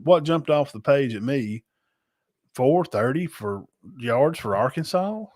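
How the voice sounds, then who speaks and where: A man's voice: mid-range voice, expressive, a little slow, a little mellow. A man with a Southern accent and a nasal, sinus-blocked voice, hosting a casual sports talk show in a chatty, folksy way. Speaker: host.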